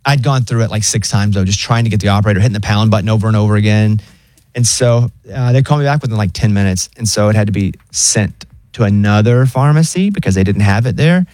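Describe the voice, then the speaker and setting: A young man and co-host in casual chat, telling stories in an animated way and doing high voices when he quotes others. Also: fast talker, no echo. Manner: animated storyteller, mimics voices in high pitch.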